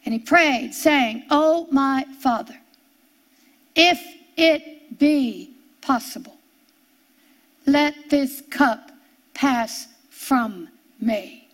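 A woman preaching a sermon, reading scripture slowly and drawing out her words. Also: high voice. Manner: slow, drawn-out scripture reading.

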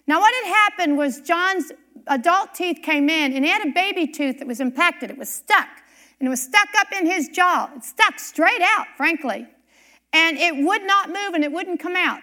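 A middle-aged woman preacher telling a personal story in a sermon, animated and emphatic, repeating key lines. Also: very high voice, normal speed. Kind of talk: sermon testimony.

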